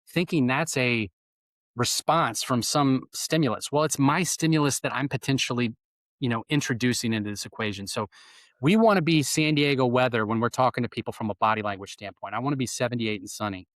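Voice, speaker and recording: A man's voice: medium pitch, brisk, a bit bright, dry recording. Man explaining as a podcast guest. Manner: explanatory, gives examples by stressing words. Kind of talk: conversational podcast interview.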